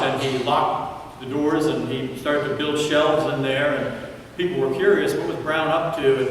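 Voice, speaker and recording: A man preaching a sermon as pastor, telling a story dramatically and dropping to hushed tones at times. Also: medium pitch, slight background noise. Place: large church sanctuary. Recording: echoey church hall from far off.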